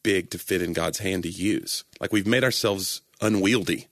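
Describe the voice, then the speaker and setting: A man's voice: low-pitched, normal speed, dry recording, clean studio sound. A man who performs and speaks at churches, chatting earnestly about faith and often correcting himself mid-thought. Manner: earnest, rambling, self-correcting. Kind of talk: casual faith conversation.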